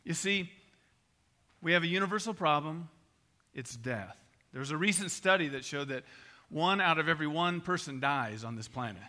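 An older man preaching with a bright, forceful voice that sits a little high for a man. He talks conversationally and with animation, weaving personal stories into a sermon. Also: animated, moderate pace. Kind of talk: evangelistic sermon.

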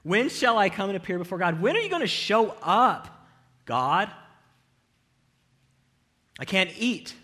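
A man voicing an anguished psalmist who cries out to God, loud and pleading. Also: high-pitched, very animated, unhurried, pauses often, pitched above the performer's own voice, full character voice. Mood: desperate.

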